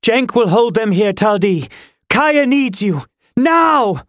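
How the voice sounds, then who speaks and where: A fierce young woman warrior in an audiobook, shouting commands in the middle of a battle, voiced by a man. Her voice sits well above the reader's own, loud and strained. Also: sits high, sing-song, slow pace, no echo, clean studio sound, voice pushed up, exaggerated voice. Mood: urgent.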